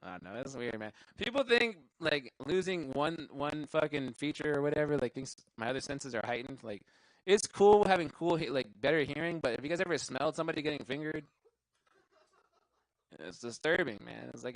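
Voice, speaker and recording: A man's voice: on the high side, lively intonation, fairly quick, no room sound, low-quality recording. Young male comic, loose rambling stand-up delivery, swears a lot, dry mic sound. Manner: rambling, laughs at his own jokes, profane. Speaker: stand-up comedian. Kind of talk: stand-up comedy set. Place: live show venue.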